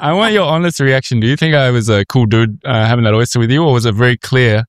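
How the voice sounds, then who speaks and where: A man's voice: medium pitch, fast, no echo, studio quality. A man hosting a casual interview at an outdoor eating area on a market street, playful and self-mocking, with hesitant fillers. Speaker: podcast host.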